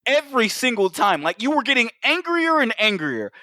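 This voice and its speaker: A male podcast co-host in loose, casual chat, swearing constantly and slipping into other people's voices as he tells a story. His voice sits high and bright, with pitch that swings widely. The sound is close and dry, with no room echo. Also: moderate pace. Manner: profane, animated storytelling with acted-out quotes.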